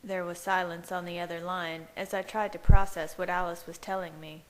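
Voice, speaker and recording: A woman reading a fanfiction chapter aloud in steady first-person narration. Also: on the low side, moderate pace, poor audio. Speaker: fanfiction reader. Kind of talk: amateur audiobook reading.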